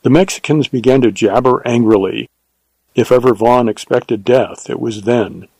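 A man narrating a western novel as an audiobook, in a measured, steady way. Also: medium pitch, vocal fry, husky, dry recording, rough recording.

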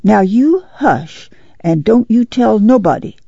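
Reader doing a steady farm mother, gravelly, dark, drawl. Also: medium pitch, slow pace, no room sound, pitched above the performer's own voice, exaggerated voice. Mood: firm. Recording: muffled, dry.

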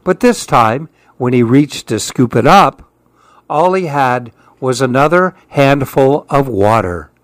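A man reading children's storybooks aloud with an expressive, lilting delivery. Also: medium pitch, takes it slowly, no echo.

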